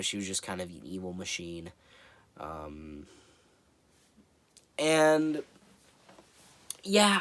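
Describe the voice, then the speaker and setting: A man's voice: lowish voice, fairly bright tone, no echo. Rambling man reviewing a movie. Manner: rambling, hesitant, lots of fillers. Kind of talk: casual spoken movie review.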